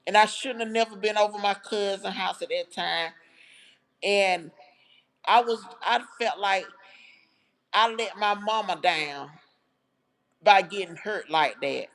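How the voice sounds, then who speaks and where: A woman's voice: medium pitch, measured pace, pauses often, fairly bright tone. A woman hosting a livestream, telling a personal story to her viewers in a heartfelt, chatty way. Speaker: livestream host. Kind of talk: casual livestream storytelling to chat.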